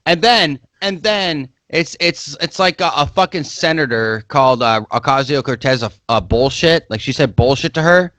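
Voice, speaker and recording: A man co-hosting a comedy podcast, talking loud, crude and provocative in casual banter. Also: a little high, expressive, normal speed, hardly any pauses, no echo. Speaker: podcast co-host.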